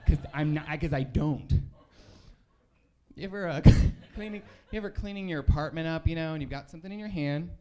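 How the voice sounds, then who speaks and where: A man's voice: a little high, fairly quick, a little mellow. A man doing a rambling, self-deprecating stand-up comedy set on a comedy club stage, full of fillers and restarts.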